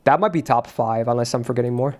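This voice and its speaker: A young man streaming a game, chatting casually in a rambling, excitable way and swearing freely. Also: mid-range voice, fast talker.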